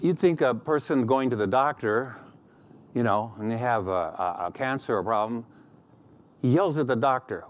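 A man's voice: mid-range voice, normal speed. A middle-aged man preaching a sermon as pastor, acting out quoted complaints in a raised voice.

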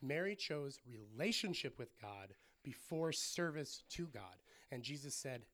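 A man's voice: mid-range voice, sing-song, unhurried, fairly bright tone. A man preaching a sermon, telling the story with energy and acting out the voices of the people in it. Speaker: pastor.

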